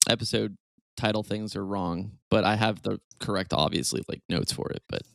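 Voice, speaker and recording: A man's voice: lowish voice, fairly even intonation, moderate pace, gravelly, no room sound, studio quality. A man co-hosting a casual podcast chat, laid-back and swearing casually. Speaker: podcast co-host.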